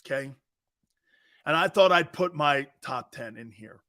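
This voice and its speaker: Sports talk host, male, bright voice, lively delivery that swings high and low, teasing and laughing. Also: a little slow. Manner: animated, teasing, laughs often, mock apologies. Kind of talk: live sports talk show, reading viewer comments.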